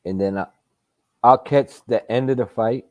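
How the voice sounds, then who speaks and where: A man with a mid-range voice hosts a live boxing stream, reacting with casual commentary. His remarks are profane, emphatic, and drawn out, with no room sound in the recording.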